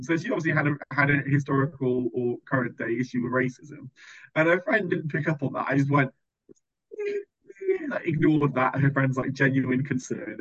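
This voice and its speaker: A man hosting a podcast, telling a sarcastic, exasperated, sweary story in casual chat. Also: mid-range voice. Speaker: podcast host. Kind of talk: casual chat, ranting anecdote. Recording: slightly dull lo-fi recording.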